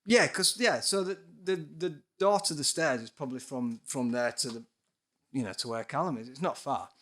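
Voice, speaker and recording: A man's voice: mid-range voice, moderate pace, a bit bright. A man, a guest telling a story in a casual chat. He swears freely, sounds dryly skeptical and acts out the voices of people in his stories. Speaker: podcast guest, musician.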